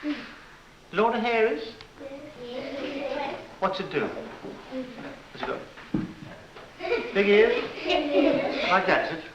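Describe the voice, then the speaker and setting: A man telling a story to children, high-pitched and hugely swooping, teasing and playful. The recording is lo-fi and echoey, with loud noise behind. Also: big pitch swings, takes it slowly, long pauses. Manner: playful, teasing, full of sound effects. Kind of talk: reading a story aloud to children.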